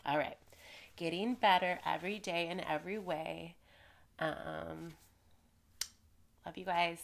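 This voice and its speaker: A woman talks casually to her viewers in a slightly nasal, stuffed-up voice that sits a little low. She rambles from one tangent to the next in a loose, chatty way. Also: fairly even intonation, takes it slowly, creaky. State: congested with a cold. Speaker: vlogger. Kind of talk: casual chat to camera.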